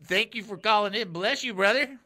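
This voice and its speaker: A man hosting a call-in Christian radio show, chatty and animated, laughing easily as he jumps between topics. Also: sits high, fairly quick.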